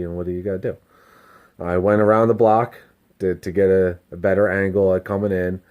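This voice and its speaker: A delivery driver talking casually to camera, candid and self-reflective, rambling and swearing freely. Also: male voice, sits low, darkish tone. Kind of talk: casual self-help vlog monologue.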